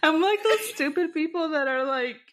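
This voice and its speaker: Expressive high-voiced woman reacting. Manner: reactive, expressive, quick to laugh. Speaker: podcast co-host listening. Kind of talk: casual chat.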